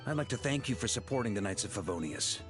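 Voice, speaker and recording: A man plays a gallant knight commander in a video game, speaking earnestly and formally with a lively, expressive pitch. Game music plays clearly under his lines. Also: fast, close to an everyday voice.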